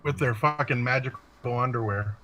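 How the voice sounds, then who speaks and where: A man's voice: mid-range voice, a little fast, bright, forceful tone. A man co-hosting a podcast, making dry teasing quips in casual banter. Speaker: podcast co-host.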